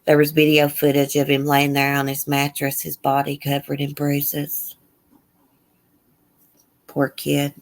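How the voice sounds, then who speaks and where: A host on a casual live stream reads a news report aloud in a mid-range voice. Blunt, indignant asides break into the reading, along with quick remarks to the chat. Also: mid-range voice, completely flat delivery. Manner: chatting with viewers in the chat.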